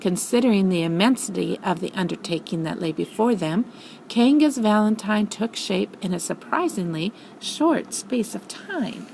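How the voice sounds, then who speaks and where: An older woman, a grandmother, reading a storybook aloud in an expressive, animated way. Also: mid-range voice, moderate pace, gravelly, a little hiss or hum, poor audio.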